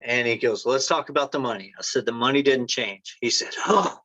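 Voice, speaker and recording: A man in a casual interview, spinning rambling stories and acting out what others said. His voice sits at an ordinary pitch. The recording is dry and a little dull, like a modest lo-fi setup. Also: a little fast, pushed and bright, no room sound. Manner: rambling anecdotes, acts out quoted dialogue. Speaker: entrepreneur guest.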